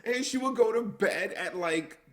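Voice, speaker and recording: A man's voice: high voice, measured pace. A middle-aged man co-hosting a podcast, telling stories with laughs and acting out what people said. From United States. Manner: animated storytelling, acting out quotes with laughs. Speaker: podcast co-host. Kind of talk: casual chat.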